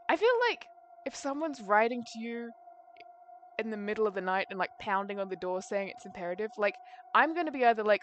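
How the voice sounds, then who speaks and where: A woman streamer chatting casually and making quick asides while reading a story game aloud. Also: mid-range voice, slight background noise.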